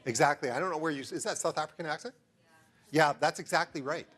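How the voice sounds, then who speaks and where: A man's voice: on the high side, quick pace, fairly bright tone. A middle-aged man giving an enthusiastic, digressive lecture in a room full of listeners, often stopping to ask them questions. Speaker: researcher giving a talk. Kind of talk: lecture to a live audience.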